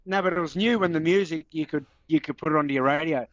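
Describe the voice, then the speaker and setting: Australian man, animated storyteller, a bit higher pitch, dull dry sound. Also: fast, no echo. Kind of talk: casual storytelling chat.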